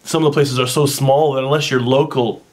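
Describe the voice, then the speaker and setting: A man's voice: mid-range voice, fairly even intonation, fairly quick, a little mellow. Chatty guy vlogging while he eats a snack, talks to the camera, sounds like a home setup. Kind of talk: casual food-tasting vlog.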